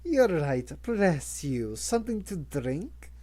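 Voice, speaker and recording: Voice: medium pitch, very animated, slow, mellow. A narrator voicing a theatrical, flouncing man who runs a bar, teasing and camp.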